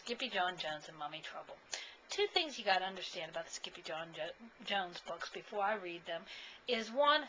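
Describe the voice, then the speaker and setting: A woman, a parent, reading a children's picture book aloud in a folksy, animated way. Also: mid-range voice. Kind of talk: casual storybook read-aloud. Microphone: built-in camcorder mic. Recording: dull lo-fi camcorder sound, faint hiss.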